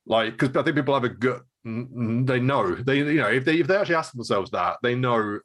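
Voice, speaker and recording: A man's voice: medium pitch, a little fast, hardly any pauses, fairly bright tone. A man who runs a martial arts gym, thinking aloud in casual chat with many fillers and restarts. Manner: reflective, hesitant, many fillers.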